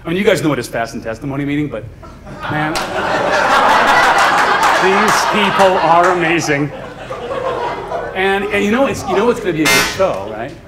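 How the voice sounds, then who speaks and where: A man doing stand-up comedy for a live audience, chatty and animated, often laughing at his own jokes. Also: a little high, fast, over a noisy crowd. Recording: echoey room, audience laughter, noise.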